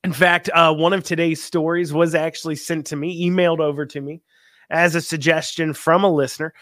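A man's voice: a little high, little pitch movement, a little fast, fairly bright tone, no echo, clean studio sound. A man hosting a conservative radio talk show, rambling folksily with many ums and restarts. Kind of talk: casual political talk radio.

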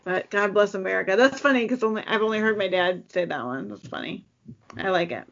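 A woman talking in a relaxed, chatty way, full of fillers and loose restarts. Her voice sits mid-range, and the recording sounds dull and lo-fi. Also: mid-range voice, brisk, vocal fry. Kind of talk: casual chat.

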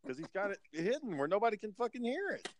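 A man's voice: sits high, very animated, fast. A man hosting a podcast in casual chat, a profane, rambling storyteller. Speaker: podcast host.

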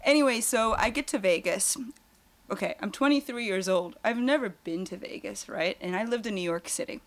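A young woman telling a lively personal story as a guest, often laughing and acting out what people said. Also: mid-range voice, a little fast. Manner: animated, laughing, acts out quoted voices. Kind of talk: casual storytelling.

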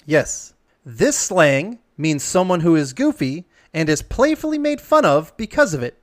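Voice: medium pitch, measured pace. A quiz game host reading questions and joking with contestants in an upbeat way. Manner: playful, jokey, animated.

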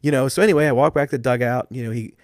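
A man's voice: medium pitch, rapid-fire, a little mellow, no echo, studio quality. A man co-hosting a podcast, telling coaching stories in casual chat with thoughtful restarts. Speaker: podcast co-host.

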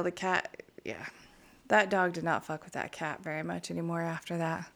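A woman's voice: fairly low pitch, a little slow, creaky, pauses often, a bit bright. A woman in casual chat, telling stories frankly and swearing freely.

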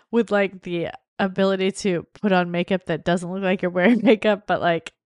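Woman co-host, casual giggly commentary, mid pitch, dry close mic. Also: steady tone, normal speed, no room sound. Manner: giggly, laughs often between remarks. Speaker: podcast co-host.

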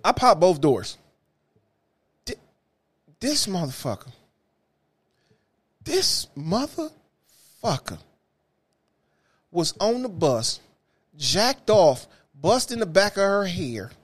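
A man with a Detroit accent, a former bus driver hosting a podcast, telling wild stories in a loud, profane, animated way that drops to mutters. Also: high-pitched, unhurried, husky. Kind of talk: casual storytelling chat.

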